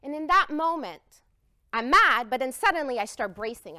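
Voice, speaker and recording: A woman giving an expressive, emphatic talk, telling a heartfelt personal story to an audience. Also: high voice, moderate pace. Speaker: speaker.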